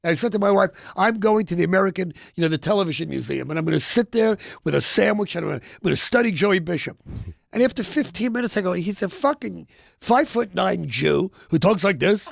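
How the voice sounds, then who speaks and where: Gravelly, husky-voiced man, blunt and joking. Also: high voice, fast, no echo, clean studio sound. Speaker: guest comedian. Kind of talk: casual chat.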